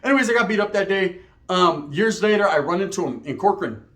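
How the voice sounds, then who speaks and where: A man's voice: high-pitched, animated, fast, fairly bright tone. A man from Merced, California, telling a story in casual slang-heavy, profane street talk.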